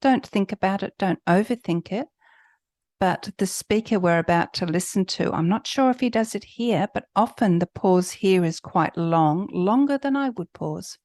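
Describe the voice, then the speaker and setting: A woman who is a native English speaker, tutoring for an English test with clear, explanatory talk and slowed emphasis. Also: mid-range voice, lively intonation, a little mellow, no room sound. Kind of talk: online teaching.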